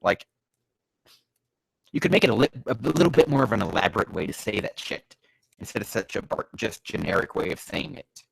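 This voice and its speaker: This ranting comedic commentary features a man reading bad fanfiction aloud and savaging it, his nose stuffy from allergies. His low-pitched, gravelly voice has lively intonation and a slightly fast pace, sarcastic, profane, exasperated and breaking into yells, on a dry recording.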